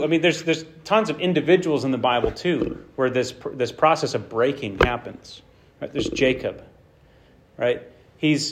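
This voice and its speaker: A man preaching a sermon with passion, swinging between loud bursts and hushed lines and acting out the quotes he tells. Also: on the high side.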